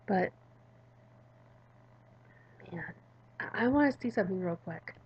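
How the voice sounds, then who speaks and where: A woman doing let's play commentary, talking to her viewers and reading the game's text aloud with stumbles and quick self-corrections. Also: mid-range voice, animated, a little mellow, breathy edge, dull audio. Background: game music.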